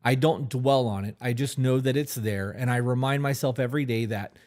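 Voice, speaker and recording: A man co-hosting a podcast in casual chat, speaking earnestly with swearing and halting restarts. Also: medium pitch, a little mellow. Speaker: podcast co-host.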